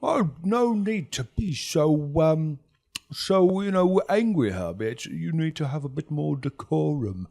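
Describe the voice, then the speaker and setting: A man's voice: a little high, expressive, unhurried, creaky, dark tone, voice pushed up. A man doing a pompous, blustering gang boss. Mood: smug. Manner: blustering, affected, boastful. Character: pompous fat male gang leader in ill-fitting finery.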